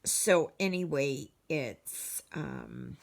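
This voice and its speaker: A woman's voice: deep voice, drawn-out words, vocal fry. A Canadian woman chatting casually to her viewers as a cross-stitch vlogger, rambling and storytelling with many fillers.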